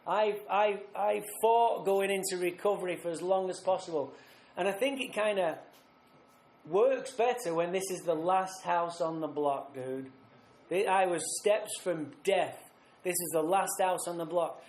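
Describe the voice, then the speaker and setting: A man's voice: sits high, unhurried, a little mellow. A man with a Manchester accent giving a frank, self-mocking recovery testimony to a retreat audience. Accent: Mancunian. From England. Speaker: recovery speaker. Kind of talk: personal testimony talk. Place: retreat hall. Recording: echoey hall.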